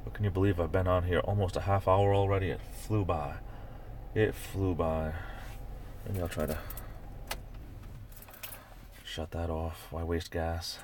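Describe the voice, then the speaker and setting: A man's voice: sits low, level tone, a little slow, long pauses, a little mellow, slight background noise. A man with a Northeastern US accent hosting a casual live stream from a parked car, rambling and reading viewer comments aloud. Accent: Northeastern US, New York-like. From Northeastern United States.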